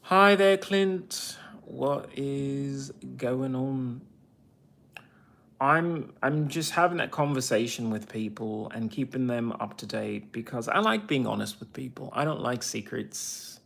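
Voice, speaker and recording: A man's voice: medium pitch, animated, takes it slowly, creaky, fairly bright tone. A man talking on a livestream, rambling bitterly and swearing often while answering viewers' comments. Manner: rambling, bitter and profane ranting. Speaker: veteran livestreamer. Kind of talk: casual livestream monologue.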